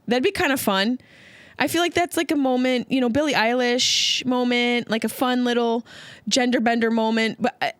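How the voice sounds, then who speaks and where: A woman from Upstate New York hosting a solo comedy podcast, riffing with sarcastic, animated asides. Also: on the high side, moderate pace, smooth, no echo. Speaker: podcast host.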